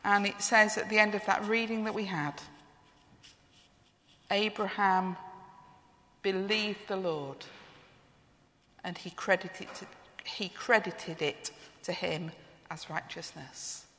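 A woman's voice: mid-range voice, fairly even intonation, takes it slowly, pauses often, sharp tone. A woman preaching a sermon. She reflects on her theme and asks the congregation questions. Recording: long reverb of a church hall.

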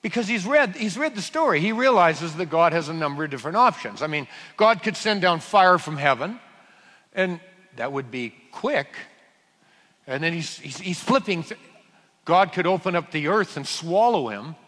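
A preacher tells a Bible story with humor, his bright voice swinging widely in pitch and breaking into sudden loud bursts. A long hall reverb follows every phrase. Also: big pitch swings, moderate pace. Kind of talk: sermon.

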